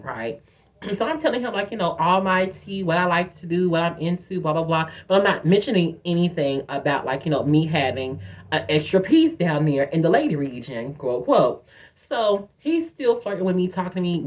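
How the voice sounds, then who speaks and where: A young woman tells a story in a casual vlog. She is animated and profane, and she acts out quotes in a higher voice. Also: fairly quick. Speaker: vlogger telling a story.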